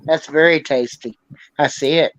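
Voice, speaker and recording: A man's voice: fairly high pitch, steady tone, normal speed, a crowd in the background. A man hosting a casual video call interview, curious and asking questions, talking into his phone. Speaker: host. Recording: dull lo-fi phone audio.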